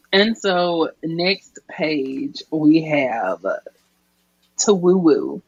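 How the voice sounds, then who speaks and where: A woman's voice: fairly low pitch, breathy edge, no echo, muffled recording. A woman co-hosting a podcast, giggling as she recaps a comic in casual chat. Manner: giggly, reads dialogue aloud. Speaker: podcast co-host.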